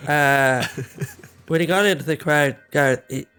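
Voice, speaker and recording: An Irish man co-hosting a podcast, retelling events in a halting, filler-heavy way. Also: a little high, bright, forceful tone, smooth, soft background music. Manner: hesitant storytelling, many fillers and retellings. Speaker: podcast co-host. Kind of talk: casual chat.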